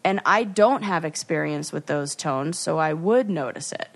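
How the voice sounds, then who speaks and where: A woman co-hosting a podcast, retelling what she watched in a lively, chatty way with restarts and playful asides. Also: sits low, moderate pace. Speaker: podcast co-host. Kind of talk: casual chat.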